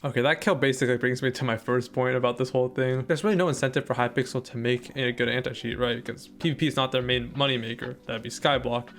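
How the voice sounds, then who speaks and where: A young man talking quickly over his gaming footage, his voice gravelly with fry. He rambles loosely, filler after filler, with faint background music under him. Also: mid-range voice. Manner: rambling, filler-heavy, excitable during fights. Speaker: gaming YouTuber. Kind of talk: casual gameplay commentary.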